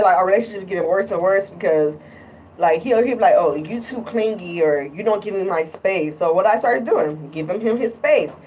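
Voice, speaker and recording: A woman's voice: mid-range voice, a little mellow, far from the mic, a little hiss or hum, low-quality recording. A woman talking casually in a vlog, irritated and rambling, often repeating herself. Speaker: vlogger.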